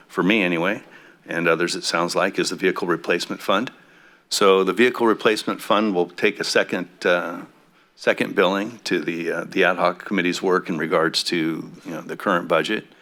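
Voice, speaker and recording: A man on a city council giving remarks at a public meeting, speaking haltingly with many fillers, his voice a bit throaty. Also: sits low, sharp tone. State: throaty coffee voice.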